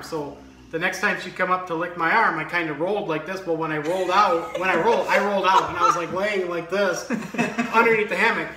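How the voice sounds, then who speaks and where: A middle-aged man telling a casual family anecdote in a plain, slightly halting way. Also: sits high, sharp tone. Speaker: family member. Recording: echoey room, clear background noise.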